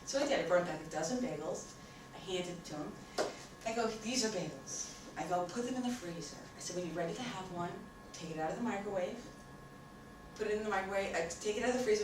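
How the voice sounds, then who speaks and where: A woman with a New York accent tells a story to an audience and plays out both people in the conversation. She sounds far from the mic in a very echoey room. A steady hiss of noise sits under her voice. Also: medium pitch. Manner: animated, acts out both sides of the story. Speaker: speaker on communication.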